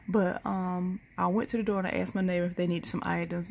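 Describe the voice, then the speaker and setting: A woman's voice: lowish voice, level tone, fairly quick, creaky, hardly any pauses, darkish tone, a little hiss or hum. A sleepy woman, rambling through a casual late-night vlog into a handheld phone. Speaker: couponing vlogger.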